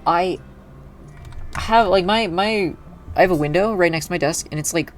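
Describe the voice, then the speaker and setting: Over faint background music, a young man with a high-sitting voice talks at normal speed during a gaming livestream. He chats casually and loosely, cutting himself off and leaning on lots of fillers.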